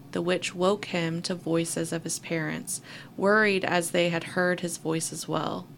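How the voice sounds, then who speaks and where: Woman co-host, low fry-heavy voice, steady storytelling read with dry asides. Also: a little hiss or hum. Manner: reads at an even pace with wry asides. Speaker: podcast co-host. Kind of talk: reading a story aloud between casual chat.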